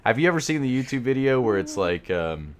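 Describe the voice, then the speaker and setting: A man's voice: medium pitch, very animated, brisk. A man co-hosting a podcast in casual chat, reading ad copy with playful emphasis and laughing often. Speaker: podcast co-host.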